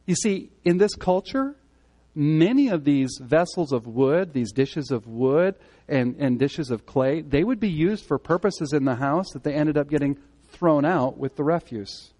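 A man giving a sermon as pastor, speaking conversationally and swinging between loud emphatic moments and quiet earnest ones. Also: fairly high pitch, expressive, unhurried. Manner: conversational preaching, rising and falling in emphasis.

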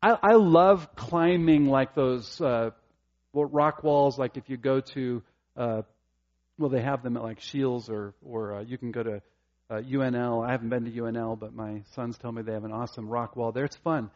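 A middle-aged man preaching a sermon, earnest and emphatic, rising to passionate peaks and dropping to soft, intimate asides. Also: medium pitch, fairly even intonation, normal speed, lo-fi sound. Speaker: pastor.

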